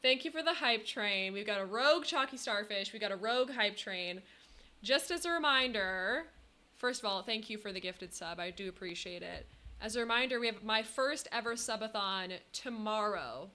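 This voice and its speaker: Bright, bubbly young woman streamer. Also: mid-range voice, normal speed. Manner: bubbly, thanks chat often, giggly. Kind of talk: casual live-stream chat.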